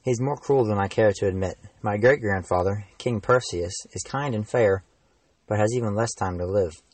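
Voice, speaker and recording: A young man doing a calm friendly knight. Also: lowish voice, recorded from a distance, close to an everyday voice, rough recording. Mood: explaining. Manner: calm, measured. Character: calm, friendly adult knight, steady and patient.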